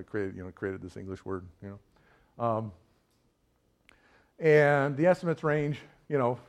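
A man preaching a sermon at a middle pitch. He talks in a loose, conversational way, full of fillers and quick questions to his listeners. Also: darkish tone.

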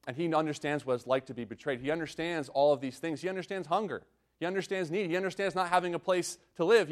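A man preaching a sermon, reading scripture and explaining it in an earnest way, often repeating and restarting his phrases. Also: medium pitch. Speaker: pastor.

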